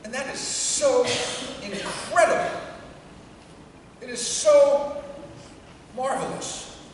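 A woman priest giving a conversational sermon to a congregation, dropping to a hush when she tells a story. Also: high-pitched, slow, slight background noise. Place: church before a congregation. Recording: echoey church from far off.

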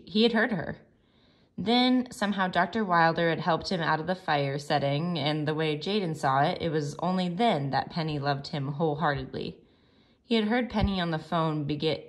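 A woman teacher reading a chapter of a novel aloud to her class in a calm, measured way. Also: low voice. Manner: calm, measured, soft-spoken narration.

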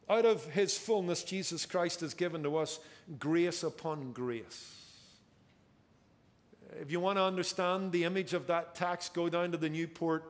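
A man preaching a sermon as pastor, emphatic and drawing out key words for effect, recorded in a church sanctuary. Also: on the high side. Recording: church hall with long reverb.

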